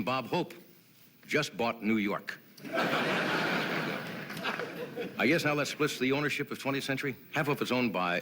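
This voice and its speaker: A man's voice: deep voice, bright, forceful tone, a little hiss or hum. A man hosting a late-night talk show, delivering a comedy monologue with wry jokes and chatty asides to his sidekick in a TV studio. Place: TV studio with live audience.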